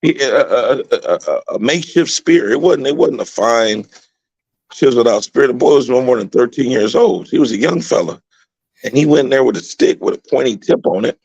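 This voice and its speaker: A man who coaches high school football, telling motivational stories in a radio interview with emphatic repeats. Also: a little fast, a little mellow, husky, dry recording, lo-fi sound.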